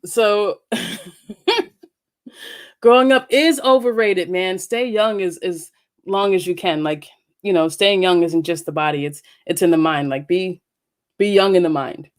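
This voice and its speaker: A woman's voice: fairly low pitch, a little slow, long pauses. A woman hosting her own podcast, chatting casually and playfully, laughing often and swearing freely. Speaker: podcast host. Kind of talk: casual solo podcast chat.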